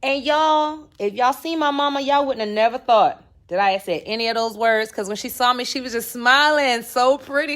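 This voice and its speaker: Brief: a woman host with a slightly high voice spinning a funny, cuss-filled story for her listeners. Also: moderate pace, few pauses. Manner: animated, profane, addresses listeners as y'all. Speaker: podcast host. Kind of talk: comic personal storytelling.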